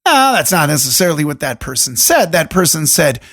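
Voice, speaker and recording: A man hosting a solo podcast, talking alone into a studio microphone in a deliberate radio voice with jokey, rambling asides. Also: on the high side, very animated, vocal fry, fairly bright tone. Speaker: podcast host. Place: room alone.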